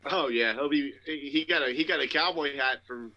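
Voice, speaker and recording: A man's voice: medium pitch, normal speed, lo-fi sound, a crowd in the background. A man on a casual podcast, rambling and complaining in profane, loose talk. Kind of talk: casual chat.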